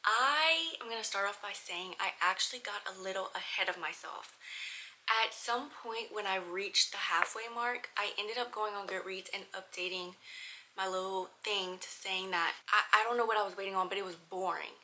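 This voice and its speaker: A woman's voice: medium pitch, moderate pace, pushed and bright, a little hiss or hum, low-quality recording. A woman, chatting animatedly and emphatically as she reviews books on her vlog. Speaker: book vlogger. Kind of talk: casual book review chat.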